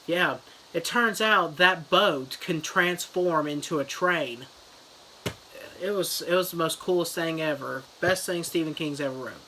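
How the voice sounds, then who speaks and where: A man's voice: on the high side, unhurried, sharp tone, slight background noise, low-quality recording. A man retelling a story as a mock review, in a loose, rambling style full of fillers. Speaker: comedy reviewer.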